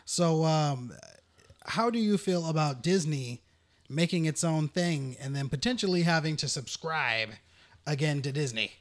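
A man's voice: on the high side, lively intonation, unhurried. A man hosting a casual podcast chat, bringing up news stories and asking his co-hosts questions. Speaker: podcast host.

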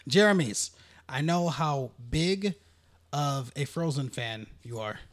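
A man's voice: a little high, animated, slow pace. A man hosting a casual podcast chat, bringing up news stories and asking his co-hosts questions. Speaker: podcast host.

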